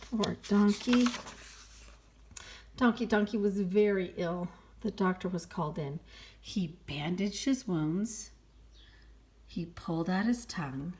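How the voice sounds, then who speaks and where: A woman reading a children's picture book aloud, playful and expressive, sighing and exclaiming along with the story. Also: mid-range voice.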